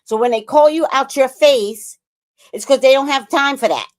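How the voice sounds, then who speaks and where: A woman's voice: sits high, normal speed. A middle-aged woman and grandmother hosting a casual livestream chat, talking bluntly with profanity and telling family stories. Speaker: livestream host.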